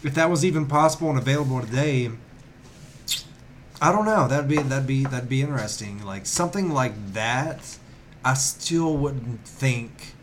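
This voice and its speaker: A man's voice: medium pitch, normal speed, a little hiss or hum. A man from Western North Carolina with a local accent, co-hosting a casual podcast in a rambling, hedging, wry way. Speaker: podcast co-host. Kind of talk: casual chat.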